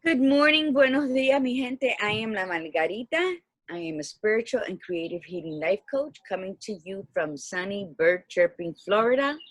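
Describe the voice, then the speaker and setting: A woman in her fifties co-hosting a casual livestream chat, lively and laughing, dropping Spanish greetings. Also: medium pitch, normal speed, no echo. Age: 50s. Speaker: co-host, life coach. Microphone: video call.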